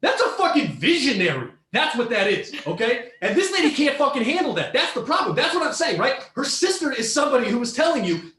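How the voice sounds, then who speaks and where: A man co-hosting a podcast, ranting with heavy profanity and frequent shouting as he reacts to a story. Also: very high-pitched, very animated, fairly quick, hardly any pauses, roomy sound. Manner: profane, heated, often shouting. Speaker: podcast co-host. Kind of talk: ranting commentary on a reader story.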